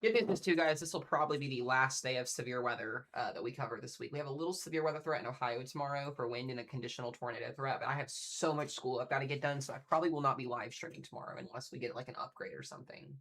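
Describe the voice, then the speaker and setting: A fast-talking man runs a live storm-coverage stream from home, his voice bright and forceful. He chats eagerly and speaks directly to the people watching. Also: medium pitch. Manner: chatty, excitable, talks straight to viewers. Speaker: severe weather live streamer. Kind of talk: casual live weather commentary.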